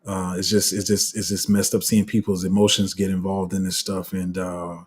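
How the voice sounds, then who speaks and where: A man's voice: deep voice, monotone, moderate pace, breathy edge. A man hosting a crypto channel, giving a heated, passionate livestream rant full of restarts. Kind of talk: casual livestream commentary.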